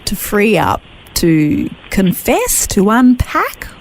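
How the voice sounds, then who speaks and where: A woman interviewing a guest on Christian radio, asking gentle, encouraging questions. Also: mid-range voice, wildly swooping pitch, slow pace, a little hiss or hum, poor audio.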